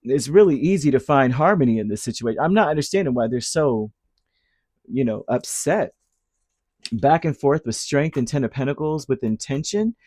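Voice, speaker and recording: A man giving a casual tarot reading, chatty and animated, full of fillers and restarts. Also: mid-range voice, fairly quick, few pauses, no room sound, clean studio sound. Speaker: tarot reader.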